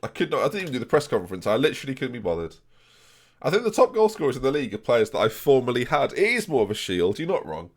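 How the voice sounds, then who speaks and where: A young man giving jokey, excitable live commentary on his game and talking to his viewers. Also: medium pitch, fast talker. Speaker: gaming streamer.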